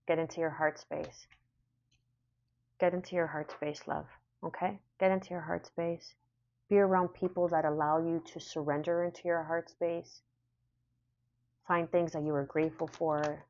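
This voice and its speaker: A woman's voice: deep voice, muffled recording. A woman giving a casual spoken tarot reading, repeating phrases in a soothing, affirming way. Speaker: tarot reader.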